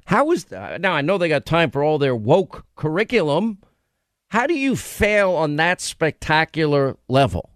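A man's voice: on the high side, very animated, moderate pace, fairly bright tone, no echo, studio quality. A man hosting a talk radio show, ranting in a sarcastic, combative way.

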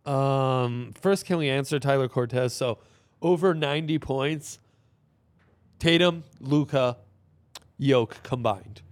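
A man's voice: mid-range voice, takes it slowly, long pauses, dry recording. A young man co-hosting a sports podcast, talking casually in a laid-back, rambling way. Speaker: podcast co-host.

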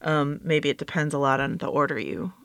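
A woman chats about movies in a loose, laughing way, full of fillers. Her voice is bright and resonant. The sound is close and dry. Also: low-pitched, brisk, dry recording. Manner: chatty, laughs often, many fillers. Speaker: podcast panelist. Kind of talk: casual film discussion.

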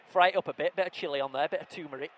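A man's voice: on the high side, fast, lo-fi sound, a little hiss or hum. A man cracking jokes as co-host of a football podcast recorded at a stadium. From Bradford, England. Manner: jokey, banter-filled. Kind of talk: casual football podcast chat. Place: outdoor football stadium press area.

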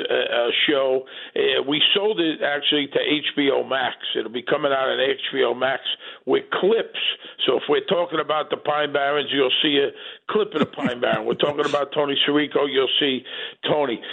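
A man's voice: mid-range voice, gravelly, phone-quality sound. A man telling stories in a casual chat, full of fillers, as a guest on a talk show. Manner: storytelling, lots of fillers. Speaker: actor and guest.

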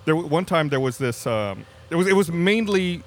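A man's voice: a little high, sing-song. A man co-hosting a podcast, chatting casually with frequent restarts and fillers. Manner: halting, many restarts. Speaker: podcast co-host. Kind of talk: casual chat.

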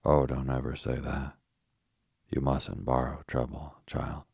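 A man's voice: very deep voice, little pitch movement, measured pace, creaky, darkish tone, husky, dry recording, clean studio sound, heavily acted. A man voicing a deaf, fussy, kindly old village woman in a bedtime story, with homely country talk.

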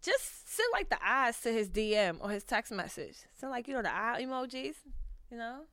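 A woman's voice: on the high side, big pitch swings, normal speed, a bit bright, dry recording, studio quality. A woman vlogger giving frank, rambling advice to viewers in a casual chat, full of fillers and restarts. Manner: frank and profane. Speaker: vlogger answering viewer questions.

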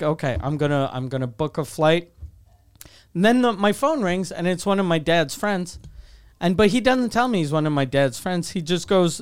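A man's voice: fairly high pitch, clean tone. A man telling a long, rambling personal story in casual chat, swearing often and restarting his sentences.

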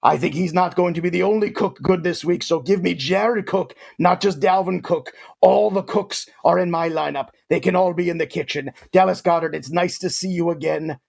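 A man doing a gravelly pompous Thanos. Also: sits high, moderate pace, hardly any pauses, darkish tone, heavily acted. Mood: mock-grand. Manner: pompous, theatrical, playful third-person boasts. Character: gravelly male titan villain, boastful, mock-grand. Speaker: fantasy football guest in character. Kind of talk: comic character bit on a sports podcast.

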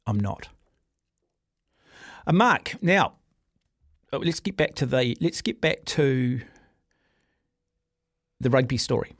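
A man's voice: medium pitch, animated, slow pace, pauses often, fairly bright tone, dry recording, clean studio sound. A middle-aged man with a New Zealand accent hosting a sports talkback radio show. He speaks in a forthright, opinionated way. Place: radio studio. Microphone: studio microphone.

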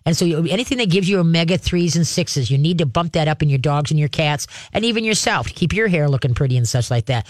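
A man's voice: fairly high pitch, animated, fast talker, few pauses, no echo, studio quality. A man hosting a call-in radio show about dogs, giving folksy, chatty advice and checking in with "okay?" and "all right?" as he goes. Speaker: radio show host, dog trainer.

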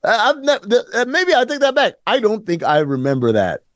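Male co-host, lively and sarcastic, somewhat high voice, dry studio sound. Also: fairly quick, no echo. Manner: animated, sarcastic, acts out quotes in mock voices. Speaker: podcast co-host. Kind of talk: casual sports talk.

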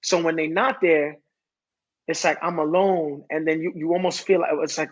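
A husky man talking candidly on a podcast. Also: on the high side, fairly even intonation, highs cut off. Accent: New York. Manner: halting, repeats words and restarts, recites his own lyrics. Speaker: podcast guest. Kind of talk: candid conversational talk.

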